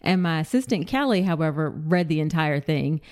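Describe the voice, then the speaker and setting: Deep-voiced woman host, eagerly affirming. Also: animated, moderate pace, a little mellow. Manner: enthusiastic, affirming. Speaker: podcast host. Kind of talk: casual interview conversation.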